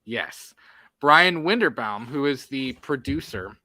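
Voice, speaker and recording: A man talking through a casual movie podcast in a bright, forward voice, recorded close and dry with no room sound. He talks animatedly, piling on fillers and quick asides. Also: medium pitch, expressive, no echo. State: has the hiccups. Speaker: podcast co-host.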